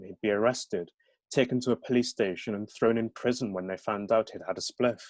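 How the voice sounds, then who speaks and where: Low-voiced man reading his novel. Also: darkish tone, no echo. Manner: hesitant with many ums. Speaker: author. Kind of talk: book event conversation and reading.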